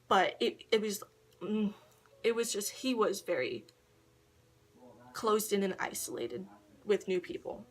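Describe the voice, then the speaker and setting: A woman's voice: mid-range voice, sing-song, measured pace, pauses often. A woman talks straight to a camera set on a tissue box in her bedroom. Her storytelling is loose and rambling, full of ums and likes, and she keeps slipping into giggles. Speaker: vlogger. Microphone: camera propped on a tissue box.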